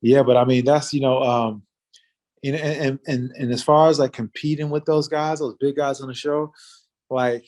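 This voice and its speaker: A man's voice: mid-range voice, steady tone, normal speed, darkish tone. A man in his forties, a guest in a casual interview, telling a story in a laid-back way with many fillers. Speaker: interview guest, former fighter.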